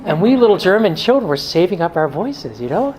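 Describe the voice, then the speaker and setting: A man's voice: sits high, big pitch swings, brisk, a little mellow, a little hiss or hum, poor audio. A middle-aged male pastor giving a blunt, joking talk to a men's group, now and then mimicking excuses in a whiny voice.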